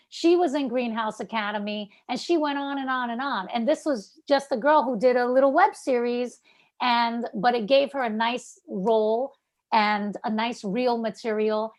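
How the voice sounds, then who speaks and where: A woman with a Brooklyn accent giving an actor animated, chatty coaching feedback over a video call, full of fillers. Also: fairly high pitch. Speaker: acting coach.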